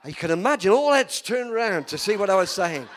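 A man's voice: high-pitched, animated, brisk, slight background noise. A man preaching a sermon in a church, emphatic and calling for amens from the congregation. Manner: emphatic, call-and-response preaching.

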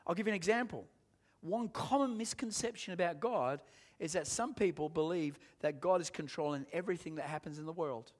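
A man preaching a sermon to a congregation, emphatic and rising to shouts, calling for amens and asking the room questions. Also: on the high side, brisk, hardly any pauses. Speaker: pastor.

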